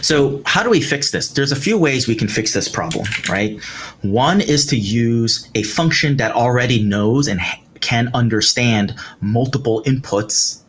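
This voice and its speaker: A man's voice: medium pitch, lively intonation, a little slow, fairly bright tone, a little hiss or hum. A man teaching a live coding tutorial, explaining step by step with fillers like "um" and "right" as he works. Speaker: instructor. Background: keyboard typing.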